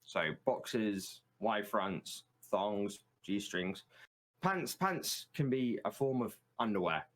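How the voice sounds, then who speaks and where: A man's voice: lowish voice, lively intonation, takes it slowly. A British man in casual chat as a guest, explaining words with plenty of ums and restarts. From United Kingdom. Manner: hesitant, many ums and restarts.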